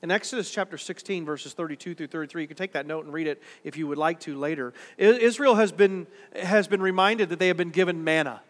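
A man's voice: on the high side, fast talker, few pauses, in a large hall. A man preaching a sermon in a church worship center, conversational and then emphatic. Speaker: pastor.

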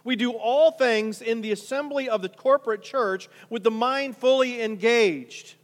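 High-voiced preacher in a reverberant hall. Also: male voice, measured pace. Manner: conversational, repetitive restarts, rhetorical questions. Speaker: pastor. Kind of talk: sermon.

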